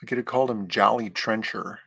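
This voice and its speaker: Gravelly man tossing out dry jokes. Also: on the low side, steady tone, a little fast, pushed and bright, dry recording. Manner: dry, joking quips. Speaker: co-host of a comics talk stream. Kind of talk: casual chat.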